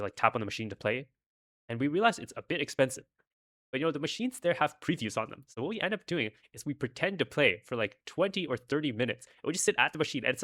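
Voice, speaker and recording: A man's voice: medium pitch, a bit bright. A young man casually telling a rambling personal story, with many fillers.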